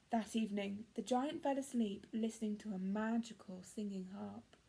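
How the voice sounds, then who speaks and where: A woman teacher with an English accent, reading a picture book aloud to young children in a clear, gentle storytelling manner. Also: mid-range voice, fairly even intonation, moderate pace, hardly any pauses. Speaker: primary school teacher.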